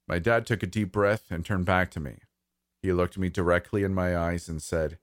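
A man narrating a first-person horror story in a slow, measured, somber way. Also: low-pitched, steady tone, dry recording, clean studio sound.

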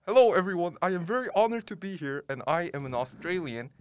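A young man as a podcast guest, playful and joking, telling animated stories. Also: sits high, fast talker, clean tone. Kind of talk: casual chat.

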